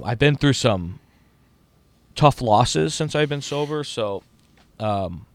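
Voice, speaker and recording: A man's voice: lowish voice, no echo. A middle-aged man in casual chat as a podcast host, rambling and profane with lots of restarts.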